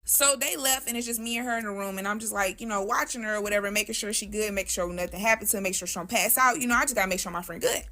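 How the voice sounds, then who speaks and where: A young woman tells a spooky personal story in a loose, slangy storytime manner. She talks straight to her viewers, and her voice sits in an ordinary middle pitch. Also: very fast, few pauses, pushed and bright. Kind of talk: casual storytime.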